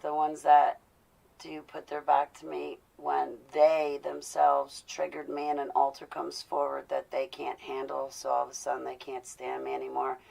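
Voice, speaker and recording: A woman's voice: rumbling low, completely flat delivery, moderate pace, vocal fry, a little mellow, low-quality recording. A woman talking to her live-stream viewers, confessional and intense, growing indignant as she talks. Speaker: vlogger speaking to live viewers. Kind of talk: casual live-stream talk.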